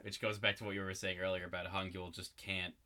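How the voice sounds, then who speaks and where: A young adult man co-hosting a casual recap chat, slangy and quick to laugh, acting out characters' lines as he goes. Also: low-pitched, little pitch movement, sharp tone. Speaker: podcast co-host.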